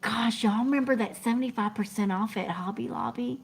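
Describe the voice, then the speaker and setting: A woman's voice: a little high, a little fast, hardly any pauses, slight background noise. A middle-aged woman, chatting scattered and laughing as she reads viewer comments on a livestream. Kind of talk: casual live chat.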